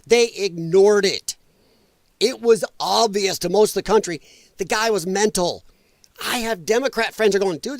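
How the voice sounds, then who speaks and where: A man's voice: high voice, no room sound. A male livestream host giving blunt, mocking political commentary with a casual, ranting delivery.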